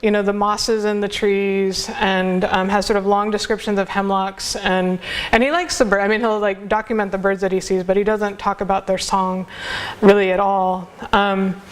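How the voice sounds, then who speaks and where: A woman giving a university seminar lecture, speaking thoughtfully and hesitantly with many filler pauses. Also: mid-range voice, flat delivery. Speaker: academic speaker. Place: seminar room.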